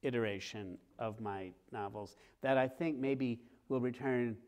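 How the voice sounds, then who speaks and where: A middle-aged author talking with a host before a live theater audience, telling stories in a lively way and acting out scenes. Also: male voice, medium pitch, a little slow. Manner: lively, acts out scenes with sounds and quoted voices. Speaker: author guest. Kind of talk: animated storytelling in conversation.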